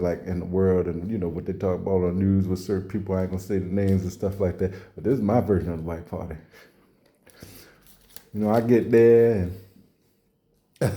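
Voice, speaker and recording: A man doing a rambling comedy monologue, acting out little scenes and slipping into hushed asides. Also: on the low side.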